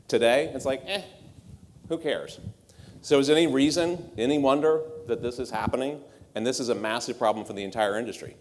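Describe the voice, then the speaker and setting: A man giving a conference keynote speech as a marketing executive, punchy and rhetorical with dry sarcasm. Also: mid-range voice. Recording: echoey hall reverb.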